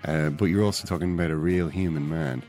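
Give me a deadpan Irish podcast host with a very low voice. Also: male voice, fast, soft background music. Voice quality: deadpan, mock-solemn. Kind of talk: deadpan mock-serious chat.

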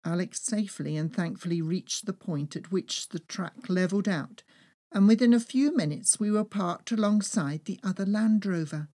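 A woman reading her own travel memoir aloud with lively, expressive storytelling. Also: fairly low pitch, normal speed. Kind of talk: first-person memoir reading.

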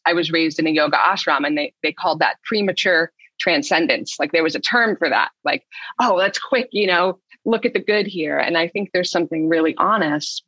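Woman hosting a panel, lowish voice, dull dry sound, meanders thru her questions. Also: a bit bright, no echo. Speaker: host, moderator. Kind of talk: casual conversation.

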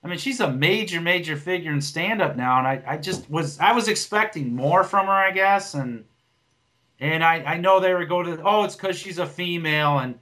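Blunt rambling comic man, higher voice. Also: normal speed, bright, forceful tone, slight background noise. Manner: rambling, blunt, swears often, many restarts. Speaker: podcast co-host, stand-up comic. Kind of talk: casual podcast chat.

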